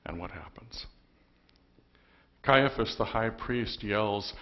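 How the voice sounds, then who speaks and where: In a church, a pastor with a lowish voice preaches slowly, telling the story conversationally with emphatic bursts. The audio has its high frequencies cut off.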